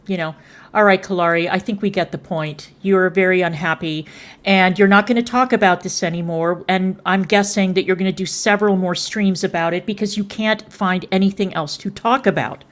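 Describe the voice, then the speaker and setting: A woman's voice: lowish voice, moderate pace. A woman streamer scolding someone in heated livestream commentary, contemptuous and swearing freely.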